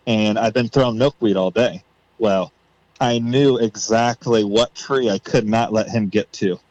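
A man on a podcast, telling a story in a casual way and acting out his own thoughts with rising excitement. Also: on the low side, a little slow, no echo, muffled recording. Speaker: podcast guest.

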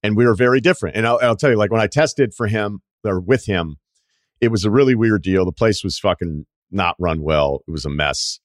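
A man from the Boston area hosting a podcast, telling stories in a casual, animated way, acting out quotes and swearing freely. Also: fairly low pitch, brisk, no room sound, studio quality. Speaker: podcast host and longtime radio host. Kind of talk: casual storytelling chat.

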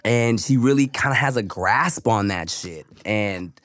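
A man co-hosting a podcast, a father talking casually about his toddler, relaxed and a little profane. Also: fairly low pitch, unhurried, no room sound. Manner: laid-back, says "bro" and "dog", swears casually. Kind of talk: casual chat.

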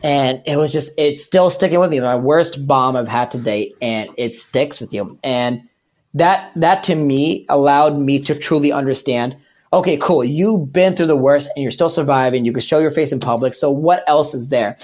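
A man's voice: mid-range voice, normal speed, a little mellow. A man who works as a comedian, talking as a podcast guest in a rambling, candid way and correcting himself as he goes. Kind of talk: casual podcast chat.

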